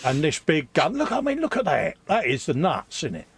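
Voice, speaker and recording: A man's voice: fairly high pitch, wildly swooping pitch, fairly quick, a little hiss or hum. Chatty slangy man. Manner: chatty and slangy, boasting jokingly. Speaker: co-host of a live hobby stream. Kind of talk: casual banter while building a model.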